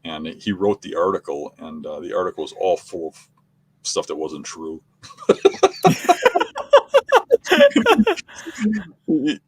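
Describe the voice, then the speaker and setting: A middle-aged man with a low, deep voice talks through his habits in an unhurried, matter-of-fact way. His delivery is plain and conversational. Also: fairly even intonation, slight background noise. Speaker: podcast co-host, hunting guest. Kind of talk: casual conversation.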